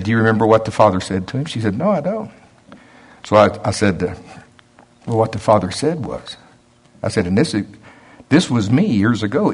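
A middle-aged male preacher tells a story from the pulpit in a folksy, chatty way. His low voice is a little husky, and his pitch swings widely as he acts out each side of the conversation, with frequent chuckles. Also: a little mellow. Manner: folksy, acts out both sides of the dialogue; chuckles often. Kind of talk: storytelling sermon.

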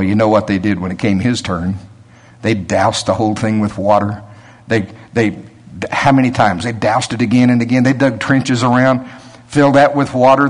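A man preaching a sermon in a conversational way, rising to emphatic peaks and chuckling between points. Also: medium pitch.

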